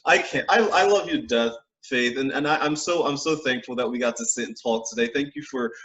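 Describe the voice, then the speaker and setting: Male host, casual interview chat, animated with frequent restarts. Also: mid-range voice, fairly quick. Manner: animated, laughing, many restarts. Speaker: podcast host.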